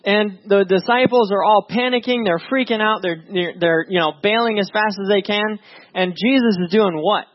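A man's voice: high voice, moderate pace. A man preaching a sermon as pastor, reading scripture and talking to his congregation in a conversational way, often repeating words and asking "right?". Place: church before a congregation. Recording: dull lo-fi sound.

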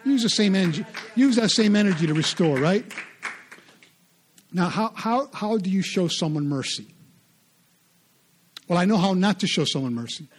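A man preaching a sermon, animated and conversational, often repeating his words for emphasis. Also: sits high, breathy edge. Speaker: pastor.

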